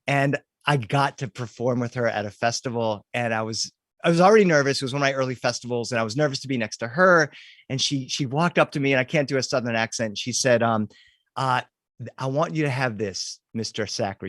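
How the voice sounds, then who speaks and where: A man, a professional storyteller, telling lively anecdotes with laughter in a casual online interview. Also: medium pitch, no room sound, clean studio sound.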